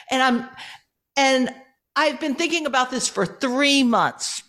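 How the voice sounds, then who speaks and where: A woman's voice: high voice, measured pace. A woman, a leadership coach, telling a workplace story in a radio interview and acting out the dialogue. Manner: animated, acts out quoted dialogue.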